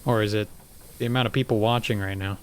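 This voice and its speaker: A man's voice: lowish voice, steady tone, fast talker, a little hiss or hum. A man streaming a video game live, chatting casually, swearing and laughing as he plays. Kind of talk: casual live gameplay commentary.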